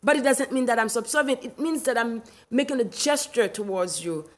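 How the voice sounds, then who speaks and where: A middle-aged woman from Haiti livestreams in a Haitian accent, her slightly high voice brisk as she rants indignantly and emphatically. She laughs a lot while reading chat and answering viewers.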